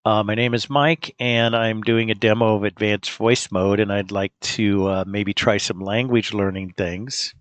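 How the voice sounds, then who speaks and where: A man hosting a casual demo, talking in a relaxed, rambling way with fillers. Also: on the low side, measured pace, hardly any pauses, no room sound. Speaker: host demonstrating an app. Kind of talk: casual screen-recorded demo.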